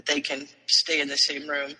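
Man co-host, high and very sharp voice, reverberant room sound, explains the plot. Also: completely flat delivery, husky. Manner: explains plot points, quick agreeing interjections. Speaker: podcast co-host. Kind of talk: casual chat recapping a story.

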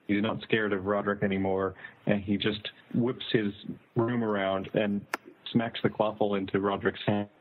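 A man on a group call, chatting and retelling a story with a relaxed, chuckling manner. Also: on the low side, normal speed, phone-quality sound, slight background noise. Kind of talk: casual group chat over a call.

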